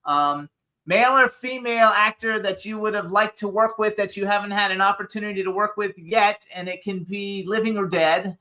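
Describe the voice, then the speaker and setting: A man's voice: high-pitched, moderate pace, pushed and bright, poor audio. A man hosting a radio interview, upbeat and promotional, reading out handles and asking his prepared questions. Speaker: host.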